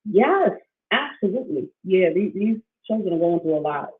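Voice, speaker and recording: A woman's voice: on the low side, normal speed. Woman, livestream host, casual rambling chat, frequent restarts, tinny phone-like audio. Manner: rambling, animated, many restarts and fillers, laughs often. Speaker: financial wellness coach, livestream host. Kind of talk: casual livestream talk, reading viewer comments.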